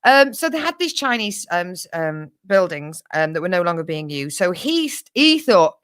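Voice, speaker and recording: A woman's voice: fairly low pitch, big pitch swings, moderate pace, hardly any pauses, a bit bright, smooth, dry recording. A woman co-hosting a comedic news chat show, rambling, swearing and laughing as she tells a story. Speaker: co-host.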